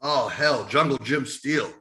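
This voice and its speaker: A man's voice: mid-range voice, unhurried. A middle-aged man telling wrestling stories in a casual interview, swearing often and laughing as he goes. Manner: profane, laughing, animated storyteller. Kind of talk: casual storytelling.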